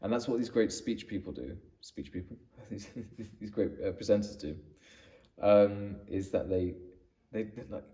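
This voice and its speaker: A low-voiced man talks through sales advice in a relaxed, mellow tone, circling back and repeating himself as he builds his points. He sits a little back from the microphone, so his voice sounds slightly distant. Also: a little slow. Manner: conversational, with frequent restarts and emphatic repetition. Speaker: business coach. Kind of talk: direct-to-camera advice video.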